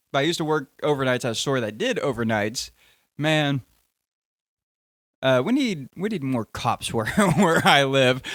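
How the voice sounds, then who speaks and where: Young male podcast host, mid-pitched, dry close sound, jokey and rambling. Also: a bit bright, no room sound. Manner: rambling, jokey, self-interrupting. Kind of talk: casual podcast chat.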